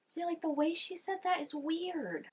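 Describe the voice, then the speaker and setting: A woman's voice: extremely high pitch, steady tone, unhurried. Young female reaction host; loose, thinking-aloud chatter, filler-heavy. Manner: chatty, musing, heavy on "like" and "I don't know". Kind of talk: casual reaction commentary.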